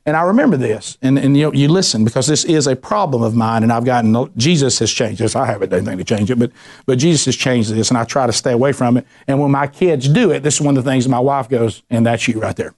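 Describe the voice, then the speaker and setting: A middle-aged man preaching a sermon, telling lively personal stories and acting out the voices in them. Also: medium pitch, fast talker. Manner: animated storyteller, acts out voices, ranting bursts.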